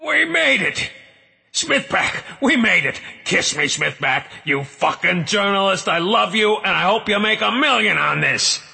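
A man's voice: on the low side, unhurried, fairly bright tone, breathy edge, long reverb tail. A man voicing a tough, blunt male police officer who gives curt orders and swears freely. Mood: elated.

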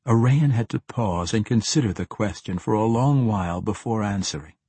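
A man reads a fantasy audiobook in a steady, even-paced way. His voice sits low and sounds husky. The recording is close and dry, with no room sound. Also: normal speed, no room sound. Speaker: audiobook narrator. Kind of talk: scripted fantasy narration.

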